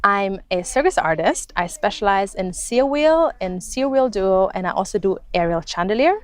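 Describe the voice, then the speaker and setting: A woman's voice: medium pitch, expressive, normal speed, clean tone, no room sound. Bubbly young woman interview guest. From Germany and Spain. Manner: enthusiastic, bubbly. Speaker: guest, circus artist. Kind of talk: casual interview chat.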